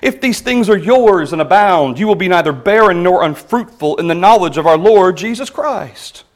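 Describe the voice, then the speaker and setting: A man preaching a sermon in an earnest, measured way, reading scripture passages with emphasis. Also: sits high, expressive.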